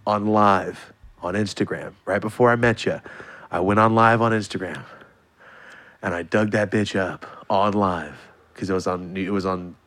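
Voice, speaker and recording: A man in his late twenties telling a story in casual podcast chat, animated and swearing freely. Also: deep voice, moderate pace. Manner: animated, swears freely, acts out quoted voices.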